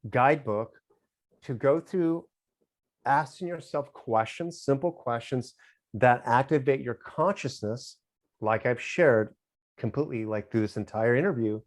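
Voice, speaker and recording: A middle-aged man, a guest on an interview, talking in a halting, reflective way and smiling a lot as he speaks. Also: mid-range voice. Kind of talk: casual interview talk.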